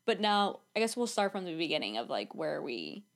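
A woman's voice: deep voice, very animated, a little fast. A young woman co-hosting a podcast, chatting casually about a dating show, giggly and full of "like" fillers. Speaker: podcast co-host. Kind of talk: casual chat.

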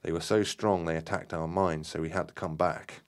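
A man's voice: deep voice, steady tone, moderate pace, lightly acted. A man voicing the leader of a spiritual group, giving urgent, firm instructions in a story he reads aloud.

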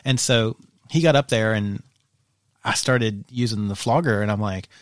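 A man co-hosting a podcast in casual chat, an animated storyteller who acts out quoted lines and swears freely. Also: on the low side, normal speed, dry recording, clean studio sound. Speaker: podcast co-host.

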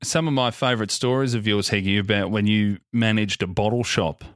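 Australian man, lowish voice, animated sweary co-host, dry room. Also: a little fast, dry recording. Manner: animated, laughing, profane storytelling. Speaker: podcast co-host. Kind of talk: casual chat.

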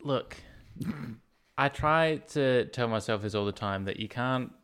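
A man's voice: mid-range voice, measured pace, fairly bright tone, clean tone. A man co-hosting a casual film-review chat, making dry, sarcastic remarks. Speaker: podcast co-host reviewing films.

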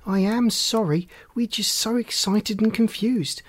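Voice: medium pitch, a little mellow, slightly rough, no echo, lightly acted. A storybook reader voicing Lucinda, an eager village girl who fires insistent questions. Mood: excited. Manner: rapid-fire insistent questions.

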